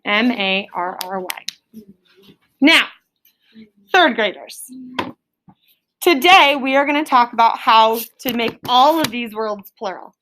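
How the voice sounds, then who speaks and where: A woman teaching a third grade class in a classroom, sounding out spelling words slowly and clearly. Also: on the high side, expressive, sharp tone, slight background noise. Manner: clear, drawn-out word sounding. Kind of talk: classroom phonics lesson.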